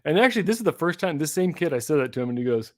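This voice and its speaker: Man in his forties, podcast co-host; lively, fairly high voice, acts out his stories. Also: very fast, no room sound, clean studio sound. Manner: animated storyteller, acts out shouted quotes. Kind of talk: casual chat.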